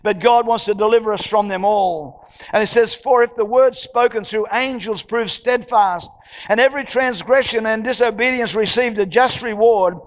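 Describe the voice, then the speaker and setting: A male pastor with a very high voice preaches with fervor, repeating his phrases and throwing questions out to the congregation. His voice rings through a church hall with a long reverb tail. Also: moderate pace. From Australia. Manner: emphatic preaching with repetitions and rhetorical questions. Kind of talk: sermon.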